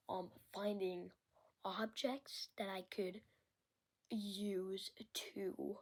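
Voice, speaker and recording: A woman whispering softly as she makes relaxing ASMR sounds, rambling and a little self-conscious. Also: medium pitch, husky. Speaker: video creator.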